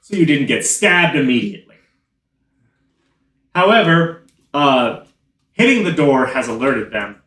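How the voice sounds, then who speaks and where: A man running a tabletop game as game master, narrating casually with halting pauses and fillers. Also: medium pitch, big pitch swings, fairly bright tone. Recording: roomy echo, from far off.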